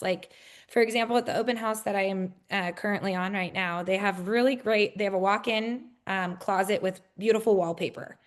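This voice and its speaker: In a relaxed interview, a real estate agent, a woman, leans on many filler words and performs cheery, high-pitched greetings.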